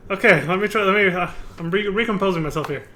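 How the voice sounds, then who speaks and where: A young man streaming a game, excitable and swearing freely, laughing often. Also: high-pitched, fast, a little hiss or hum. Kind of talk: casual live-stream commentary while playing.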